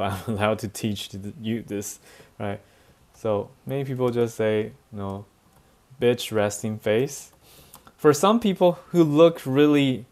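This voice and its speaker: A man teaching a class, telling anecdotes in an animated way and mixing in English. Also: on the low side, creaky. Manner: animated storytelling, switching between languages, frequent laughs and fillers. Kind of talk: bilingual classroom lecture with anecdotes.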